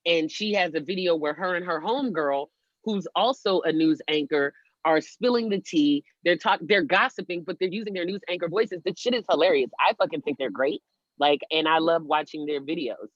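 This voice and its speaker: A man hosting a casual podcast chat, animated and swearing, repeating his points for emphasis. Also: a little high, dry recording. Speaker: podcast host. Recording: dry muffled lo-fi audio.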